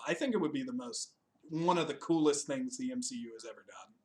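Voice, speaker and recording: A man's voice: medium pitch, brisk, darkish tone. A young man hosting a casual chat, joking, swearing freely and laughing often as he reviews a TV special. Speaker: podcast host.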